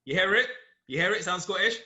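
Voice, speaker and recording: A man's voice: high-pitched, lively intonation, fast talker, sharp tone, muffled recording. A young man bantering crudely as a guest in a comedy chat game, teasing and often laughing. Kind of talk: joking casual banter. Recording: roomy echo.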